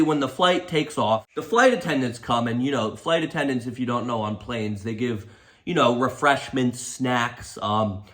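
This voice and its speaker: A young man telling a comedic storytime rant in an animated, exaggerated, mocking way. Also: medium pitch. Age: young adult. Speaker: comedy YouTuber.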